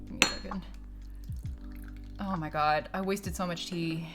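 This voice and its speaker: A woman's voice: fairly low pitch, steady tone, unhurried, loud music behind the voice. A young woman live-streaming from her desk at home, chatting casually with her viewers. She swears a lot and laughs often.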